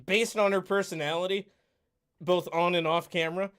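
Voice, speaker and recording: A man's voice: sits high, steady tone, moderate pace, a bit bright, clear, resonant tone. A man co-hosting a podcast, chatting casually and laid-back, often agreeing. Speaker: podcast co-host. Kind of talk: casual banter.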